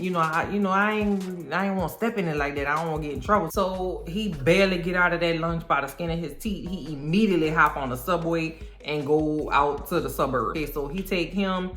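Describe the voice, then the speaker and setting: A woman recapping a TV episode in a casual, animated, sassy way, full of slang. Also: low-pitched, a little fast, few pauses. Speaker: TV recap vlogger. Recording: roomy room with faint music.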